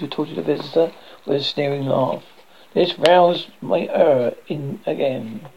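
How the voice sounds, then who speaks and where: Gravelly man reading a ghost story. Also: on the high side, expressive, a little slow, lo-fi sound, slight background noise. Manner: stumbling, restarting reading with dramatic swings in loudness. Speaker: horror host narrator.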